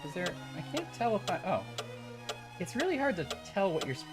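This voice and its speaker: A woman's voice: medium pitch, very animated, fairly quick, over music. A woman streaming a game, commenting dryly and teasingly and reading character lines aloud. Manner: dry, teasing, playful.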